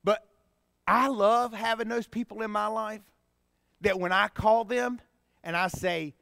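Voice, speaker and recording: A man preaching a sermon as pastor, swinging from hushed, tender passages to emphatic, rising appeals. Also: high-pitched, animated, normal speed, gravelly, no echo, clean studio sound. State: choked up with emotion.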